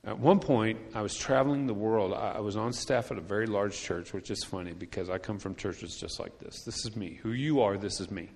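A man's voice: fairly low pitch, a little fast, few pauses, darkish tone. A man preaching a sermon as a pastor, telling a personal story in a chatty way and repeating his key points for emphasis. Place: church sanctuary. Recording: long church hall reverb.

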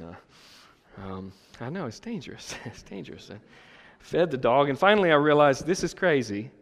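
A male pastor with a slightly high voice delivers a chatty, humorous sermon. He keeps asking the audience "right?". His voice rings out in a big church hall with a long reverb tail. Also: fairly bright tone. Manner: conversational and joking, frequent checks with the audience. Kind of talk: sermon with personal stories.

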